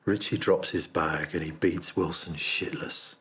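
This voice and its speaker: A man performing a dramatic monologue as a remorseful man confessing a cowardly betrayal, speaking in a hushed, confessional way. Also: sits low, steady tone, measured pace. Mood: haunted, confessional.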